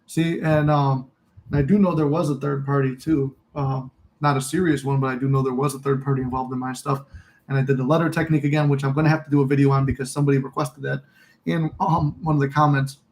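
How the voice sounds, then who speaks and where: A man's voice: medium pitch, little pitch movement, quick pace, a little mellow, rough recording. A man hosting a casual livestream, talking candidly in a rambling way, cursing freely and reading out and answering viewer comments. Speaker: livestream host.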